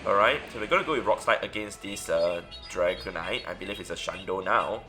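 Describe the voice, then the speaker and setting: A young man giving casual commentary over his own gameplay, relaxed and thinking aloud with fillers. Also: low voice, brisk, over music. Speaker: gaming YouTuber.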